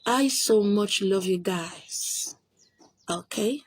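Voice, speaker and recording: A Nigerian spiritual teacher with a Nigerian accent talks very slowly in a medium-pitched, slightly rough voice. Answering viewers' questions on her own channel, she is insistent and emphatic, repeating her points.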